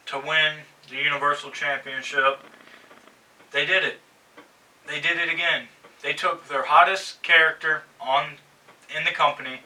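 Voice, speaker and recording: A man's voice: a little high, bright, forceful tone, far from the mic, low-quality recording. A man hosting a wrestling review show, talking casually and growing exasperated as he rants. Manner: exasperated, ranting, sarcastic. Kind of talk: casual opinionated commentary.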